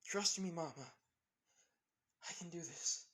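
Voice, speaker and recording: A man's voice: on the high side, takes it slowly, bright, forceful tone, pitched above the performer's own voice. A man voicing a determined little girl in a fan-made story, pleading insistently to be trusted.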